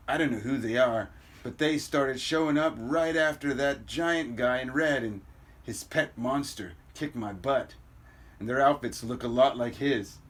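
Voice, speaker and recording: A man reading a comic aloud, voicing a weary, worried teen boy superhero in a low, subdued inner monologue. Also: fairly bright tone. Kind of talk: comic book read-aloud.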